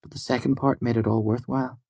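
A man's voice: mid-range voice, flat delivery, quick pace, gravelly, darkish tone, breathy edge, no echo, voice pushed up. A man voicing an elegant young woman who speaks in a light, teasing, amused way.

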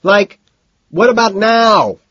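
A desperate young banker yelling over the din of a nightclub, as a man puts him on in a storybook reading, his voice pushed high and strained. The take sounds dull and dry, with a husky edge. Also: slow, dry recording, heavily acted. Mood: frantic shouting. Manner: shouting over loud club music. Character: frantic young male Wall Street yuppie.

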